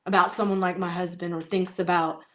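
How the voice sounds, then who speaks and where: A woman in casual conversation, talking in lively bursts with frequent restarts and asides. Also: fairly low pitch. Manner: animated, talks in quick restarts and asides. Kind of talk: casual chat.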